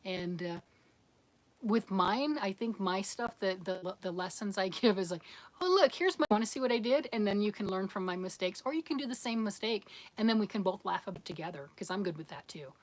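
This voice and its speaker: A woman's voice: mid-range voice, fairly quick. A woman chats through her live knitting stream and reads comments from viewers. Her talk is loose and rambling, full of restarts. She often pokes fun at herself. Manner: chatty, rambling, self-deprecating, often restarts and laughs. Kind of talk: casual livestream chat, reading viewer comments.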